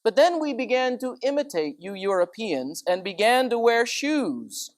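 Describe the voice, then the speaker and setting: A man voicing a calm, faithful elderly nun with a gentle, firm humor. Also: very high-pitched, unhurried, voice pushed up, full character voice. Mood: wry.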